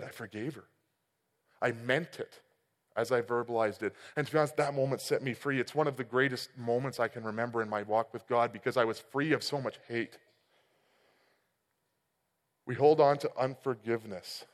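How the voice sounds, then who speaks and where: Man preaching in a reverberant hall. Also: mid-range voice. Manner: personal storytelling with swings from loud to quiet. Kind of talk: sermon. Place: church hall.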